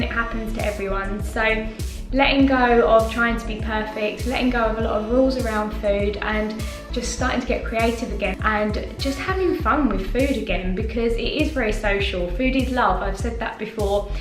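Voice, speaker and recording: Chatty mum vlogger, echoey room. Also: female voice, a little high, recorded from a distance. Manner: chatty and encouraging, laughs easily. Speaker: fitness vlogger. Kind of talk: casual vlog chat. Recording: roomy echo, a bit off-mic, music behind.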